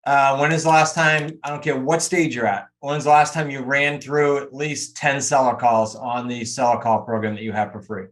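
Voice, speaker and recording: A man's voice: mid-range voice, level tone, normal speed, hardly any pauses, a bit bright. A man coaching a group over a video call, talking emphatically and straight to his students. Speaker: real estate coach.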